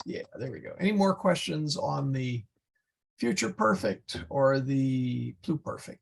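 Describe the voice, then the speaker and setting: A man teaching a Latin class, explaining slowly and patiently with many fillers. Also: medium pitch, expressive, vocal fry, slightly rough. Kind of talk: online class lecture.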